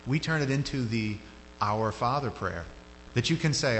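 A man delivering a casual, conversational sermon at an average pitch, his voice climbing high and loud whenever he gets worked up. The sound carries a long hall reverb, with a faint hum underneath. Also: moderate pace, few pauses. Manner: conversational, rises sharply when animated. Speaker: pastor.

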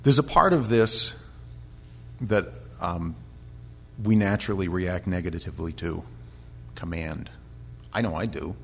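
An American man preaching a conversational Bible sermon, chatty with restarts, sometimes building to loud, impassioned storytelling. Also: low voice, a little slow, gravelly, pauses often, a little hiss or hum. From United States. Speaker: pastor.

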